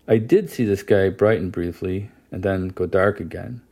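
Low-voiced man narrating an audiobook. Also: moderate pace, vocal fry, hardly any pauses, darkish tone. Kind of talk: scripted narration.

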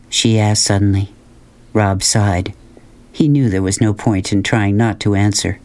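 A man narrating a children's novel in calm, measured storytelling. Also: lowish voice. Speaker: audiobook narrator. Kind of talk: scripted narration.

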